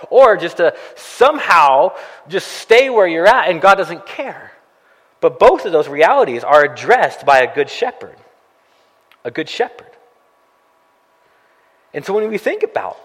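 Male pastor, a little high-voiced, conversational sermon with lots of rhetorical questions, long hall reverb. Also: a bit bright. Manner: conversational preaching with frequent rhetorical questions and "right?".

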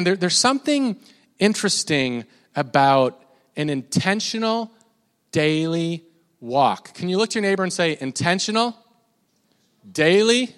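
A man's voice: on the high side, fairly bright tone. A man preaching a casual, conversational sermon, stumbling over repeated words and moving into prayer. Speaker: pastor. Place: church hall. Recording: long reverb of a hall.

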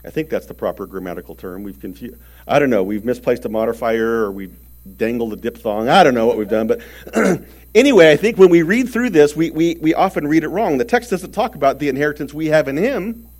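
A male preacher delivers a sermon in an earnest, emphatic way. His voice sits at an ordinary middle pitch. He swings between loud stressed phrases and quiet ones, and sometimes repeats a word as he goes. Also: animated, brisk.

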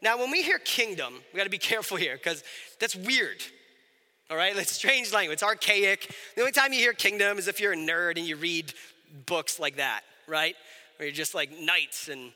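Bright, high-voiced man preaching in a hall. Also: a little fast. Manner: conversational, animated, asks the audience questions. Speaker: pastor. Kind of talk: sermon.

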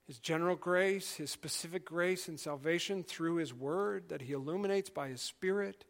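A middle-aged male pastor preaching a sermon in an earnest, conversational way, dropping to quiet emphasis. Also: on the high side, normal speed, creaky, hardly any pauses.

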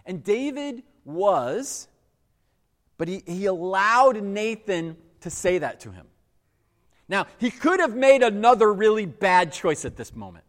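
A man's voice: high voice, very animated, measured pace. A man preaching a sermon, retelling a story in a casual, conversational way and slipping into quoted voices. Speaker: pastor. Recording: echoey hall with long reverb.

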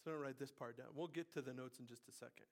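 A man in his thirties preaching a sermon, moving between hushed, quiet passages and loud, emphatic bursts. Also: mid-range voice, fast talker, vocal fry. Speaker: pastor.

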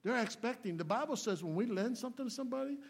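A man with a notably high speaking voice delivers a sermon as a visiting preacher. His talk is folksy and plainspoken. He lunges into loud, emphatic lines and then pulls back to soft, low asides. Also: lively intonation, fast, breathy edge. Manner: folksy, swings between loud emphatic and hushed. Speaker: guest preacher.

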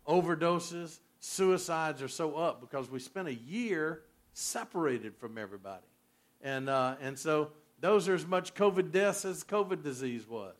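A man preaches in a folksy pastor's manner. His voice sits a little higher than most men's. He swings from loud, emphatic lines down to soft near-whispers. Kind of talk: sermon.

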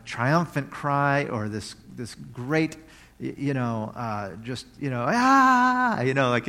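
A man preaching a sermon in a conversational way, reading scripture aloud and now and then breaking into joyful shouts. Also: mid-range voice. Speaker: pastor.

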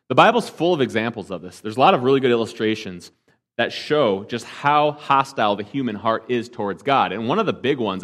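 A pastor delivering a sermon, asking the congregation rhetorical questions and dropping to a hush for emphasis. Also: male voice, medium pitch. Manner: swings between emphatic and hushed delivery.

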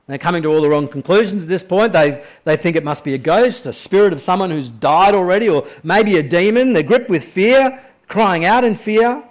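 A man preaching a sermon. He swings between raised, urgent questions and hushed, slow emphasis, and repeats key phrases for weight. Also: sits high, lively intonation.

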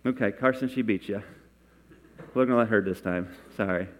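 A man's voice: on the low side, a little fast, slight background noise. A man preaching a sermon as pastor in a church, talking conversationally and coaxing volunteers from the congregation. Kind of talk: sermon with scripture reading. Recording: long reverb from a large hall.

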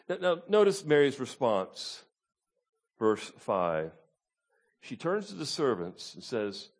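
Preaching in a conversational style, this pastor teaches from the Bible and keeps prompting the congregation with "Okay?" and "Amen?" His male voice is medium in pitch, expressive, and moderately paced.

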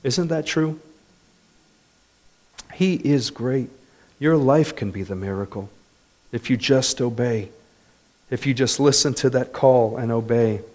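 A man preaching a sermon, moving between quiet, low passages and loud, lively ones, with laughter. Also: slow pace, long pauses. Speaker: pastor.

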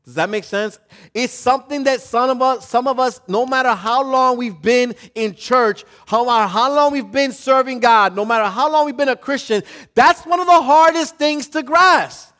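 Male preacher, high voice, animated sermon, loud then hushed. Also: normal speed. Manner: animated, swings from loud to quiet, repetitive.

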